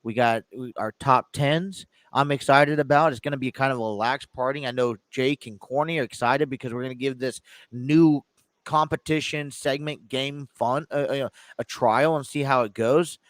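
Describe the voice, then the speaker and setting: A man's voice: mid-range voice, steady tone, moderate pace, dry recording. Rambling male podcast host, dry sound. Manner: rambling, many fillers and restarts. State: stuffy. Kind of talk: casual chat. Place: home studio in his living room.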